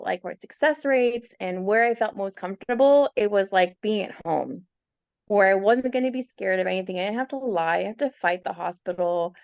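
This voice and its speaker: A woman guest on a podcast, telling her birth story in a casual, animated way, laughing often and acting out what others said. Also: medium pitch, dry recording, lo-fi sound.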